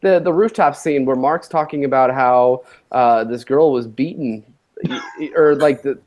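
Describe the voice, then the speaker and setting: A man's voice: medium pitch, moderate pace, darkish tone. A man hosting a casual podcast, leading the talk and passing it around. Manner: leads the talk, hands off to others. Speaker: podcast host. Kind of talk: casual chat.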